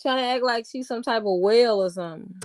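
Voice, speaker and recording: A woman's voice: on the high side, fast talker, a little mellow, dry recording. A woman giving casual reaction commentary in a sarcastic, mocking tone, talking back at what she watches. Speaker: online commentator.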